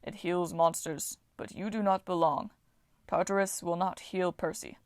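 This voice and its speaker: A woman reading aloud, voicing a huge, gentle male Titan who talks in slow, simple, halting words. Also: steady tone, dry recording, natural voice. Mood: grave. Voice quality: deep, soft, halting simple speech.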